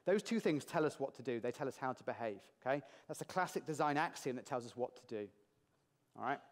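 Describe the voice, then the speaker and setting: A British man giving a lively, jokey conference talk to a large audience in a hall, asking the crowd questions as he goes. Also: mid-range voice, quick pace. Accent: British English. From Britain. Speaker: conference speaker.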